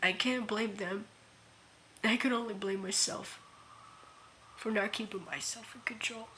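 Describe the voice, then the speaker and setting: A woman speaking an earnest, emotional confessional monologue into her phone, halting and repeating herself, near tears. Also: medium pitch, fairly even intonation, pushed and bright, a little hiss or hum. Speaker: vlogger.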